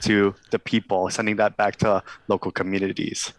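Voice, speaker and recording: A man's voice: fairly low pitch, little pitch movement, normal speed, no room sound, low-quality recording. A man running for state office, answering interview questions earnestly and hopefully over a video call. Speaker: political candidate guest.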